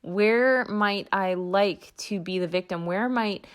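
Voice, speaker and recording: A woman's voice: medium pitch, slow, smooth. A young adult woman hosting a podcast, teaching energy work in a soothing, reassuring way with light laughs. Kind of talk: casual spoken podcast teaching.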